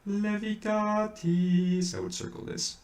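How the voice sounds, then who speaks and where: Low gravelly man teaching chant. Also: little pitch movement, normal speed. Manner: patient, explains in small steps. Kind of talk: casual step-by-step teaching. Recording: echoey room, distant mic, faint ambience.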